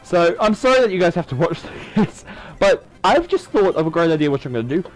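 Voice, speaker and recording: Male gamer narrating his playthrough, chatty and self-mocking, with a lively, bouncing pitch. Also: fairly quick, soft background music, poor audio. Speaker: gaming YouTuber. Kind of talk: let's-play commentary.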